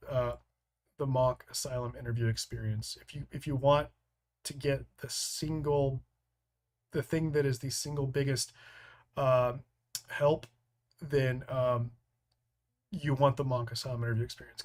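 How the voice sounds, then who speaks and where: An American man with a mid-range voice hosts a live training stream, reading viewer comments aloud and answering them. His delivery rambles loosely, full of restarts and fillers.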